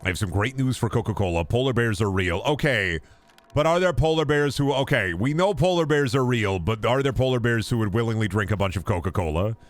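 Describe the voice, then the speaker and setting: A young man casually commenting on his gameplay, joking and breaking into sudden high yelps and shouts. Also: animated, brisk, no room sound. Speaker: gaming streamer.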